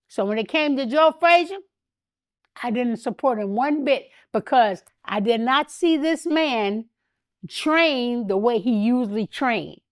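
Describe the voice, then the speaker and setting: An older woman as an interview guest, telling candid stories in an animated way, laughing often and acting out what others said. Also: on the high side, a little slow. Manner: animated, laughs often, acts out quoted speech. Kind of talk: candid storytelling.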